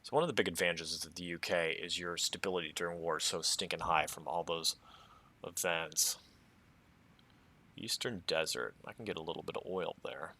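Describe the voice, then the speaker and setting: An American man casually commenting on a strategy game as he plays, thinking aloud in a relaxed, chatty way. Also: sits low, brisk. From United States. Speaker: strategy game let's player.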